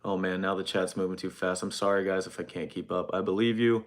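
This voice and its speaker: A young man with a deep voice livestreams from his phone, reading chat while delivering a halting, hesitant apology that's deadpan and mock-sincere.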